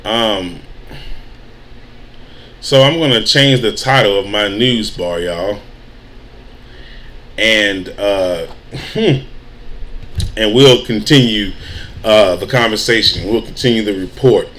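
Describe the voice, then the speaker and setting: Man, emotional news commentary host, bright voice, slow deliberate pace, impassioned and preachy. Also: fairly low pitch. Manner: impassioned, preachy, rising into pleading rhetorical questions.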